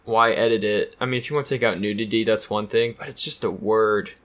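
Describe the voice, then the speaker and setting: Young male co-host, lowish pitch, bright edge, talkative. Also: steady tone, a little fast. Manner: opinionated, chatty, many "like" fillers. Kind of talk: casual chat.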